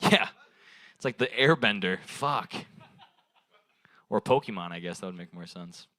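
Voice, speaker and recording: A man's voice: deep voice, lively intonation, unhurried, pushed and bright, no echo. A young man doing improvised stand-up at an open mic, loose and rambling, swearing and laughing at his own jokes into a handheld mic. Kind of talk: improvised stand-up crowd work. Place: small bar stage. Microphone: handheld stage mic.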